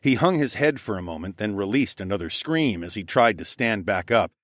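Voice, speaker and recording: A man narrating a fantasy story in the first person with dramatic, expressive reading. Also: fairly low pitch, a little fast, dry recording.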